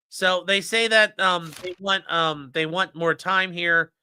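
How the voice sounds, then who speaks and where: A man's voice: high-pitched, steady tone, a little slow, few pauses, bright, forceful tone, clear, resonant tone, no room sound. A man hosting a casual livestream, ranting sarcastically and with profanity while reading out and mocking legal filings. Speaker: host.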